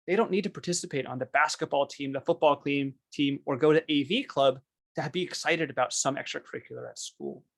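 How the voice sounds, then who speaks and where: A man's voice: on the high side, a little fast, gravelly. A man giving a webinar presentation over a video call, telling stories with enthusiasm. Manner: enthusiastic, storytelling. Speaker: esports program presenter.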